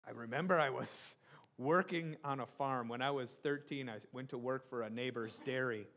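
A man's voice: medium pitch, moderate pace, a bit bright. A middle-aged man, a pastor, preaching in a casual, joking way and often checking with the room. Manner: joking, keeps asking the room "right?". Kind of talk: conversational sermon.

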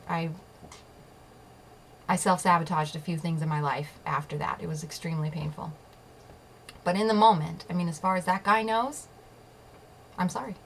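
In a fairly low voice with a fairly bright tone, a woman vlogger tells a personal story emphatically, swearing occasionally. She checks in with "okay?" and "right?" throughout, over poor audio with a little hiss or hum.

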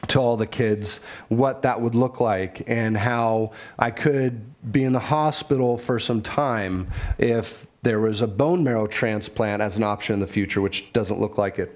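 Male pastor, relaxed sermon delivery, earnest, conversational, good for storytelling. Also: mid-range voice.

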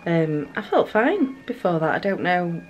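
A woman talks casually in a home vlog as a new mother. Her voice sits fairly low, and she speaks slowly. Her easy chat often turns sing-song when she addresses her baby. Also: very animated, highs cut off, soft background music. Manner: chatty, slips into sing-song baby talk.

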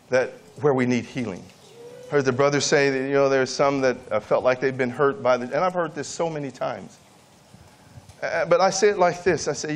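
A man preaching a sermon at a church camp meeting, swinging between high, pleading emphasis and quiet asides.

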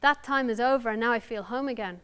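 A woman's voice: a little high, quick pace, a bit bright, clean tone. An Irish woman novelist reading her work aloud and then answering audience questions, candid, wry and self-deprecating. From Ireland. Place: university lounge before an audience.

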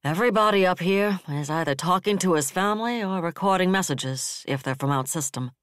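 A man voicing a bitter, level-headed male defense director who speaks flatly and harshly. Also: sits high, brisk, clean tone, no echo, clean studio sound, voice pushed up.

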